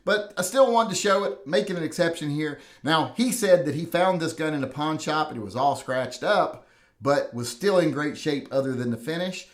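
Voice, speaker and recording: A man's voice: a little high, normal speed. A middle-aged man hosting a gun channel, giving humorous voice-over commentary on viewers' carry guns with dry, teasing sarcasm.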